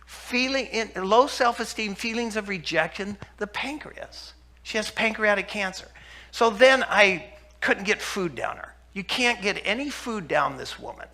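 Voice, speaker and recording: Middle-aged male speaker, high voice with gravelly grit, emphatic storyteller mixing health advice and scripture. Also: lively intonation, unhurried, sharp tone.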